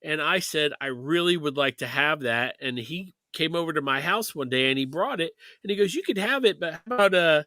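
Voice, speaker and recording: A man's voice: a little high, lively intonation, fairly quick, hardly any pauses, pushed and bright, dry recording. A man co-hosting a music podcast, talking in a loose, rambling way with many restarts. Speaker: podcast co-host. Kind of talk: casual chat.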